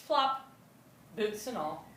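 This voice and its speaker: A woman telling a folk tale live to an audience, with a rhythmic, repetitive, expressive delivery. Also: medium pitch, slow, slight background noise. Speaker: storyteller. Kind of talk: live oral storytelling. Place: storytelling venue before an audience. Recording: roomy live room from a distance.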